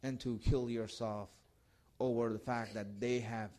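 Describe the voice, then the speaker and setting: A man voicing a gentle pleading holy leader. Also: mid-range voice, fairly even intonation, measured pace, natural voice. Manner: tender, repeating his pleas. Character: gentle, loving male religious leader pleading.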